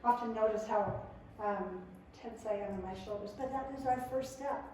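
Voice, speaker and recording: A woman's voice: medium pitch, moderate pace, slight background noise. Woman teaching in an echoey room. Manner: lively, conversational, acts out quotes. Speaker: family skills workshop presenter. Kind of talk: talk to a live audience. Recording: echoey room, mic far off.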